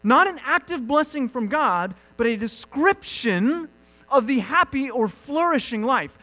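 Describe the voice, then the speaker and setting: A male pastor preaching a sermon, teaching with emphatic, animated asides. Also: extremely high pitch, measured pace, rough recording. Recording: mains hum in background.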